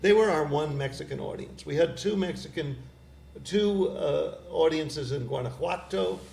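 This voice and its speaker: A middle-aged man, a poet guest, chatting casually in a wry, rambling way with a gravelly voice. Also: on the high side, normal speed, darkish tone. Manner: wry, rambling storyteller with laughs. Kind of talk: casual chat. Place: community cable studio. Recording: roomy studio with faint hiss.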